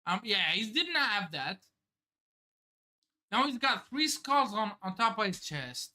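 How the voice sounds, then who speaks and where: A woman's voice: medium pitch, very animated, takes it slowly, pushed and bright. A woman hosting a live manga reaction stream, thinking aloud, exclaiming, swearing and laughing as she reads. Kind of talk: excited live reaction commentary.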